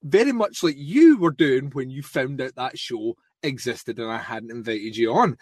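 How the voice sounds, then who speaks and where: A Scottish man co-hosting a podcast in casual chat, telling a story with lively swearing and quick impressions of others. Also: medium pitch, no room sound, clean studio sound. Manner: animated storyteller, swears freely, mimics others. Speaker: podcast co-host.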